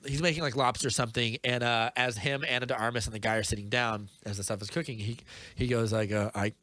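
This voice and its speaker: A man's voice: mid-range voice, fairly even intonation, quick pace, bright, forceful tone, no room sound. Rambling man recapping a movie. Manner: rambling, filler-heavy storytelling. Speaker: podcast co-host. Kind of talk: casual chat, movie recap.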